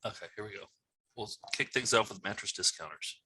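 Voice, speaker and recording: A man's voice: fairly low pitch, a little fast, poor audio. A man hosting a casual chat show, easygoing and playful. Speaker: host.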